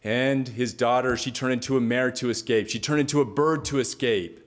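A man's voice: mid-range voice, steady tone, moderate pace. A man giving a storytelling talk, retelling a myth dramatically with lots of repetition. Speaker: speaker.

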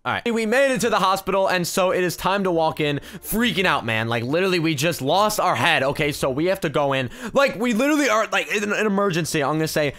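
A young man giving excited gameplay commentary, hyped and laughing, calling out to "bro" and "guys", with faint music behind. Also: sits high, fast talker, hardly any pauses. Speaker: gaming YouTuber.

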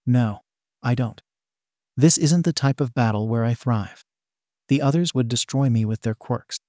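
A man reads out a firm, determined teenage boy of a storybook, speaking in a plain mid-range voice. The delivery is quiet and matter-of-fact, set in a dry, close sound. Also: mid-range voice, a little slow, no room sound, close to an everyday voice.

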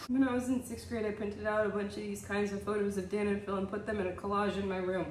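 A woman's voice: mid-range voice, level tone, quick pace, few pauses, a little mellow, roomy sound, far from the mic. A young woman hosting a casual comedic reaction to comments, blunt and laughing often.

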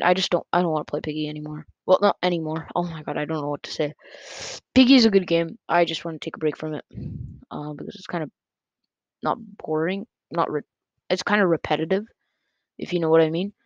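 A gaming YouTuber giving casual, excitable play-by-play commentary on a close mic that picks up breathing, with quick self-corrections. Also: medium pitch, no echo. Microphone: close desk mic picking up breath. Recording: dull lo-fi dry sound.

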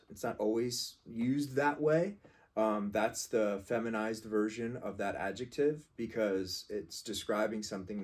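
Male fragrance reviewer, low husky voice, casual and corrective delivery. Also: darkish tone. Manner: rambling, corrective, emphatic about pronunciation. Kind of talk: casual explanatory talk.

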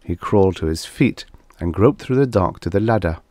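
A man with a very low, deep voice reads a vintage science fiction story aloud in a measured, steady way. The sound is dry and close, with no room echo at all. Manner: measured, even reading. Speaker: audiobook narrator. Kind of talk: scripted story narration.

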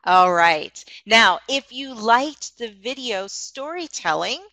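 Bright, lively woman teacher trainer. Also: fairly high pitch, takes it slowly, no room sound, low-quality recording. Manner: encouraging, explanatory. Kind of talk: online teaching demonstration.

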